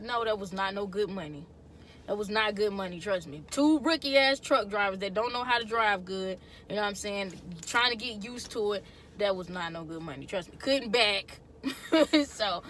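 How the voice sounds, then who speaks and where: A woman's voice: medium pitch, moderate pace, a bit bright, slight background noise. Slangy young woman trucker vlogging. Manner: slangy, loose, chatty. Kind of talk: casual chat to camera.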